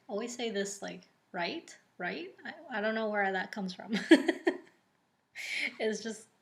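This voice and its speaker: A woman talks through an oracle card reading at an unhurried pace, her pitch sitting in an ordinary middle range. She is casual and chatty, with frequent ums and likes. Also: fairly bright tone. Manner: slow and unhurried.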